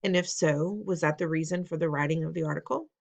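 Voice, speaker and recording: Woman teacher, lower register, patient and instructive, recorded lesson. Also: fast talker, gravelly. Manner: patient, instructive, playful teasing; repeats instructions, asks the listener questions. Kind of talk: recorded test-prep lesson.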